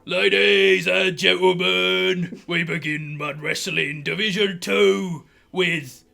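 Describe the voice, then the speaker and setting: A man voicing a hobgoblin referee who booms out his announcements and draws out every word. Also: fairly even intonation, vocal fry, sharp tone, exaggerated voice. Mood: announcing. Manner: booming, drawn-out announcing.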